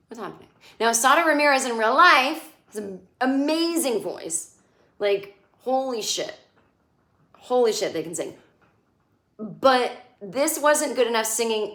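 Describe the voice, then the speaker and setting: A woman hosting a casual solo recap, chatty and sarcastic, acting out quick bits of dialogue as she goes. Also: mid-range voice, a bit bright, roomy sound. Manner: chatty, sarcastic, acts out characters' lines in quick impressions. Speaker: podcast host recapping a TV episode.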